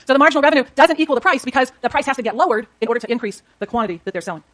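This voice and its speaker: A middle-aged woman lecturing on economics at a very quick clip. Her voice sits a little high, and she walks the class through each graph as she draws it. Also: lively intonation, fairly bright tone. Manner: brisk, explains while drawing graphs, talks to students.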